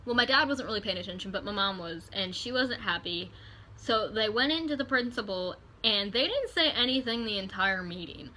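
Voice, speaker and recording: Bright-voiced woman telling a story. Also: medium pitch, brisk, slight background noise. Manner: animated, profane storytelling. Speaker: vlogger. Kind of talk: storytime vlog. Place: hotel room.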